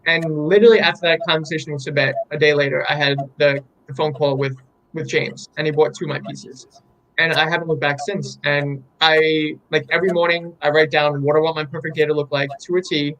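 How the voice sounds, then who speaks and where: A young man in a candid interview, telling his story with eager enthusiasm and plenty of ums and restarts. His voice sits a little higher than most men's. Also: fairly quick, fairly bright tone, low-quality recording. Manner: enthusiastic, rambling storytelling with many fillers. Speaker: artist guest.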